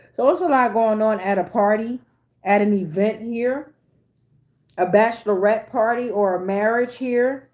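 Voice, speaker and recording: A woman's voice: on the high side, normal speed, darkish tone, dull audio. Chatty, cursing woman tarot reader. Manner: chatty, profane, keeps asking "right?". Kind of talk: casual reading to viewers.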